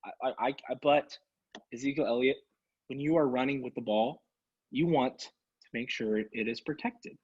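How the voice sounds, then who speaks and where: A man's voice: medium pitch, moderate pace, breathy edge. Exasperated man ranting about his team. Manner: exasperated, sarcastic, animated ranting with laughs. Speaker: sports podcast co-host. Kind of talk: casual sports talk rant. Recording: dull lo-fi sound.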